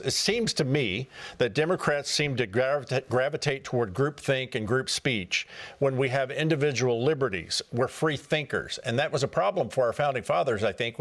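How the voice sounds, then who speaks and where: A man's voice: medium pitch, a bit bright. A man hosting a news segment, asking a guest questions in a conversational way with some restarts. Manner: conversational, self-correcting questions. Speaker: news host. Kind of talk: interview questions.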